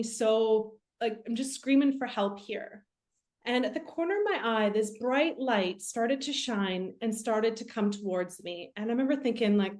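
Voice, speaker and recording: A woman's voice: a little high, expressive, normal speed, a little mellow. A young woman, a medium, telling her own story as an interview guest in an earnest, reflective way with many fillers.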